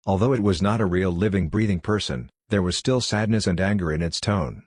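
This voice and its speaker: A man with a deep, low voice reads a fantasy novel aloud at an even pace. The sound is close and dry, with no room around it. He keeps the narration measured and steady. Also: husky, dry recording. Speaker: audiobook narrator. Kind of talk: scripted narration.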